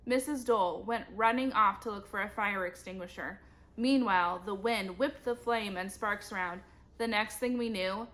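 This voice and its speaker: A woman reading a children's chapter book aloud, jumping to loud high voices for the characters' shouted lines. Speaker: reader.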